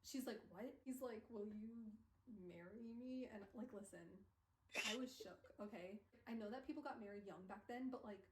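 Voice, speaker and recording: A woman retells a novel in a playful, animated way, tossing in quick asides for each character. Her voice sits a little high. The recording is roomy and echoey, with her sounding distant from the mic. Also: a little hiss or hum. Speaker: book recap video creator. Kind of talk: casual book recap.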